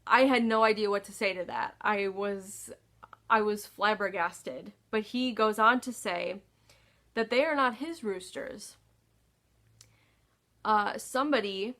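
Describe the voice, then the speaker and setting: A woman's voice: mid-range voice, bright, forceful tone. Exasperated woman telling a story. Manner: exasperated, sighing, swears freely. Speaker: storytime vlogger. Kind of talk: casual storytelling.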